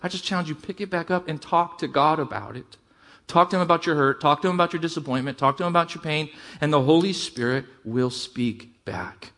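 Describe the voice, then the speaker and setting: A middle-aged man delivers a sermon in a fairly high voice. He preaches conversationally, with rising emphasis and quick asides. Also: fairly bright tone. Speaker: pastor.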